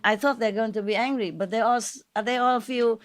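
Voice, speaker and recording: A woman's voice: a little high, steady tone, a little fast. A woman spiritual teacher telling a gathering informal stories, in non-native English with dropped grammar and many fillers. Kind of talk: informal storytelling talk to a gathering.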